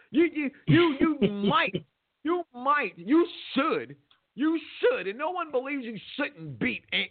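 A man hosting a sports talk show, loud and opinionated, arguing his takes with lots of swooping emphasis. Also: extremely high pitch, vocal fry. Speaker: podcast host. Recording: tinny phone-like audio.

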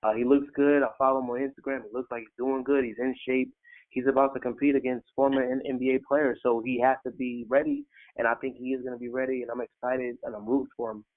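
A man co-hosting a sports radio show, relaxed and earnest, with lots of fillers. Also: mid-range voice, quick pace. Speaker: radio co-host. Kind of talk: casual sports radio chat. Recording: tinny phone-line sound.

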